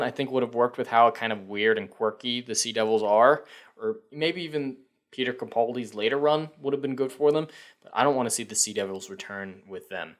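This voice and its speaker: A man's voice: mid-range voice, a little fast. A man hosting a fan news channel, giving sarcastic, profane, opinionated commentary.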